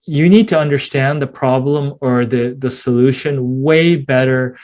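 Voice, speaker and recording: A mid-range male voice at a measured pace belongs to a podcast guest chatting casually in an interview. He's a lively storyteller who plays out scenes, sprinkling in plenty of fillers such as "you know."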